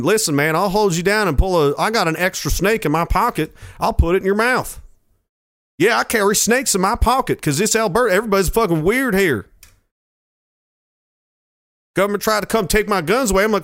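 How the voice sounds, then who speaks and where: A man's voice: sits high, expressive, quick pace, fairly bright tone, no room sound, studio quality, pitched above the performer's own voice. A man doing a threatening backwoods cowboy. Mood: menacing. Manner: gruff, threatening and profane. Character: aggressive rural Alberta cowboy man, threatening.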